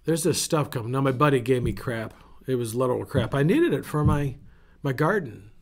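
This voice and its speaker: A man preaching an informal sermon, conversational and animated, telling stories and restarting his sentences as he goes. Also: mid-range voice, brisk. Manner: conversational, animated storytelling with self-interruptions. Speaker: pastor.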